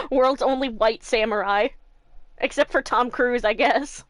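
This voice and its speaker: A young woman streaming a game, excitable commentary with swearing and laughter. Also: on the high side, measured pace, dry recording.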